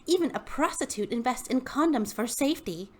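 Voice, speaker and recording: A woman's voice: high voice, lively intonation, a little fast, pitched above the performer's own voice. A woman voicing a peppy female MLM seller as she reads the seller's posts aloud in an upbeat, salesy way.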